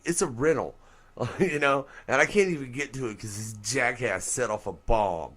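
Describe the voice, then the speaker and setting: A man's voice: medium pitch, a little slow, a bit bright. A man co-hosting a talk radio show, loose, joking and profane in casual banter.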